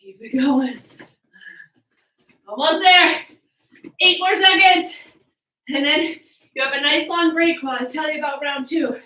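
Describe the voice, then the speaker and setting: A woman's voice: high voice, measured pace, pauses often, bright, forceful tone, roomy sound, far from the mic, low-quality recording. A woman fitness coach, out of breath, counting reps and cueing moves while she exercises along in a small room at home. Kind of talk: coaching a live home workout.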